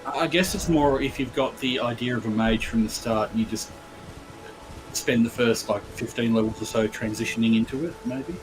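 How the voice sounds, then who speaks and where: Calm mid-pitched man explaining game builds. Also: moderate pace, over music, low-quality recording. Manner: calm, explanatory, hesitant fillers. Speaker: co-host player. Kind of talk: casual gameplay chat.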